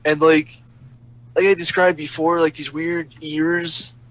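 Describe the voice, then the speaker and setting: Man, fairly high voice, casual rant, sarcastic and profane. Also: flat delivery, takes it slowly, a bit bright, rough recording. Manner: profane, sarcastic ranting that flares up angry. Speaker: storyteller ranting about a roleplay server. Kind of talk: casual ranting monologue.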